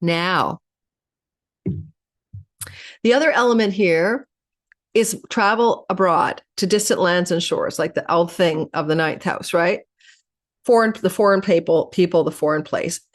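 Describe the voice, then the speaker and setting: Middle-aged female astrologer, rapid and lively direct-to-camera forecast delivery, low-pitched. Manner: fast, animated, talks to viewers by sign. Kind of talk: weekly horoscope forecast.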